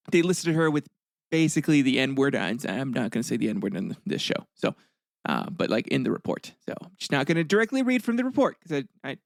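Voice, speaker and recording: A man hosting a casual comedic history podcast, rambling and jokey, with lots of fillers and throat clearing. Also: fairly high pitch, no room sound, studio quality. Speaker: podcast host.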